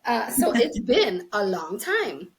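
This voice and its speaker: Host, female, 40s, slight East Coast accent; casual animated storyteller, mid-pitched, laughs and mimics voices. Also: slow pace. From New Jersey, USA. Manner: animated, laughs often, acts out voices in her stories. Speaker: podcast host.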